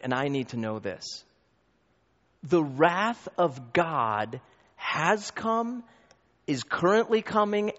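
A man preaching a sermon as pastor, emphatic and building to loud peaks, with quick asides to the congregation. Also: medium pitch. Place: church hall. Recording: long reverb, dull lo-fi.

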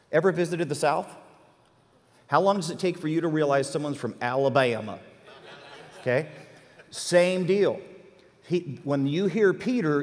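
A man teaching an interactive Bible class, animated and quizzing his listeners with questions. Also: fairly high pitch, long reverb tail.

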